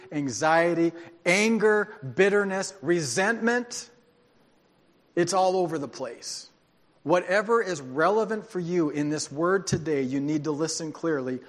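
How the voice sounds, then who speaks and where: A pastor giving a sermon, telling a story dramatically and moving between hushed and loud passages. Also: male voice, on the high side. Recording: long hall reverb.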